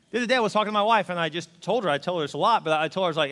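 A male pastor preaching a sermon in a conversational, animated way, often checking in with "right?" and acting out little quoted exchanges. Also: high voice, very fast, hardly any pauses, long reverb tail.

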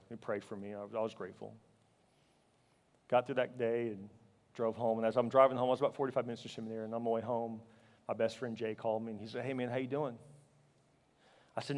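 A male pastor preaching with raw emotion, building to loud, fervent peaks and dropping to hushed, faltering words. His voice sits at an ordinary middle pitch. It rings out with a long reverb, as if in a large church hall. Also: little pitch movement. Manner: emotional storytelling, swinging from loud fervor to hushed, halting speech. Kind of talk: sermon.

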